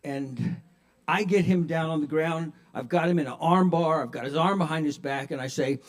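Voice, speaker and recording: A man's voice: on the high side, moderate pace. Older man doing wry stand-up. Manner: wry, self-mocking, swings from mumbled asides to loud punchlines. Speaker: stand-up comedian. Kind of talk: stand-up comedy set. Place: open mic at a kava bar.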